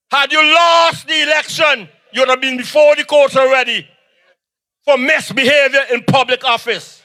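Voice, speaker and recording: Vincentian guy shouting a rally speech, real high voice, bright and cutting. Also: moderate pace. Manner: shouting, rhythmic repetition. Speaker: political speaker. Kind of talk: fiery campaign rally speech. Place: outdoor political rally.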